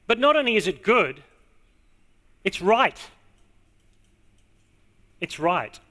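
Male preacher, high and bright, emphatic sermon delivery. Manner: emphatic, repeating key words slowly. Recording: long hall reverb.

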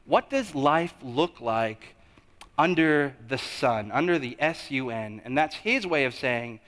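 A man in his thirties preaching a sermon in a church, telling a story with animated swings in his voice. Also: medium pitch, takes it slowly. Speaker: pastor. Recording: long hall reverb.

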